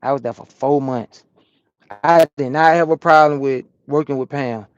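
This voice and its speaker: A man's voice: medium pitch, moderate pace, no echo, dull audio. A man with a Southern US accent, a truck driver chatting casually with his livestream viewers and telling stories in slangy, swearing talk. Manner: animated storyteller, swears freely, slangy. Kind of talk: casual livestream chat, reading comments. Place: truck cab on a rest break.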